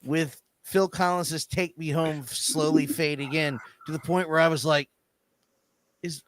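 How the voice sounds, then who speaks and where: A man's voice: fairly high pitch, measured pace. A man co-hosting a casual podcast chat, ranting and swearing with lots of energy. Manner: ranting, profane, animated. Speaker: podcast co-host.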